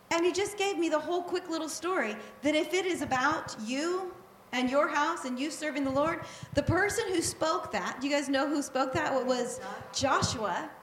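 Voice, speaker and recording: Woman preacher, high voice, animated and conversational, in an echoey room. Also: a little hiss or hum. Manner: animated and conversational, with quick asides and repetition. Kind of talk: sermon.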